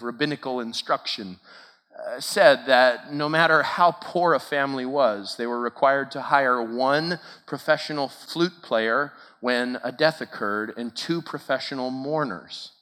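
A man preaching a sermon at a camp, dramatic, swinging from loud emphatic peaks to hushed low asides and asking the listeners rhetorical questions. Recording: long hall reverb.

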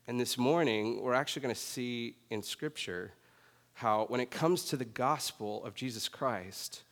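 A man's voice: medium pitch, a little slow, a bit bright. Casual guy pastor telling a story from the pulpit, big hall echo, mid voice. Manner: conversational, self-deprecating, often says "right?". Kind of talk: sermon with personal story. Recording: long reverb of a large hall.

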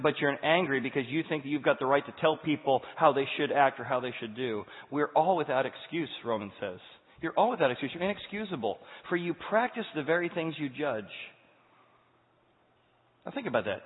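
Male pastor, sermon, emphatic, slightly high voice, husky, phone-like sound. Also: lively intonation, normal speed. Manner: emphatic, rising to loud rhetorical questions. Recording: phone-like echoey hall.

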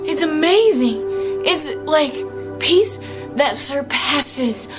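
A woman's voice: high voice, expressive, slow. A woman sharing an emotional, exclamatory faith testimony, with music underneath. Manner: emotional, exclamatory, tearful at moments. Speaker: Christian speaker sharing testimony.

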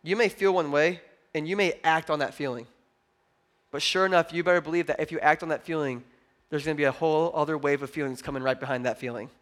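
A male pastor preaching a sermon in a conversational way, swinging between loud emphatic stretches and quiet low ones and acting out quoted voices. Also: fairly even intonation, fast.

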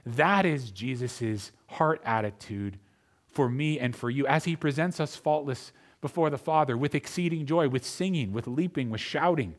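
Addressing his congregation directly, a pastor alternates between soft, intimate lines and loud, emphatic ones as he preaches. He has a mid-range voice and keeps a moderate pace.

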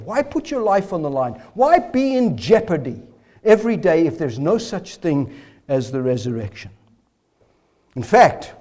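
A man preaches from the pulpit, his voice sitting high and swinging widely as he presses his case. He builds through strings of rhetorical questions, then lets his voice fall low and soft before climbing again. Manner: rhetorical questions, emphatic rises and drops. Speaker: pastor. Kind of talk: sermon.

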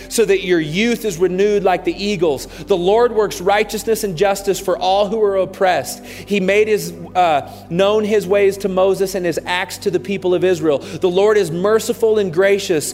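A fervent male pastor reads scripture in a large church, his voice a touch high for a man and growing ever more impassioned. A long reverb trails each phrase through the auditorium. Soft music plays faintly underneath. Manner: fervent, preacherly, reads aloud with rising intensity. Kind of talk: sermon reading scripture.

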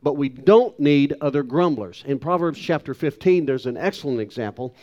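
A man's voice: mid-range voice, animated, normal speed, dark tone, dull audio. A male pastor giving a sermon, talking emphatically and putting rhetorical questions to the congregation.

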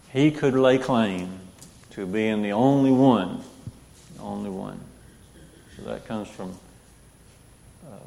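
A man with a low, gravelly voice leads a Bible class. He reads verses aloud and puts questions to the group as he goes. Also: darkish tone, big-room sound, slight background noise. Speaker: Bible study teacher.

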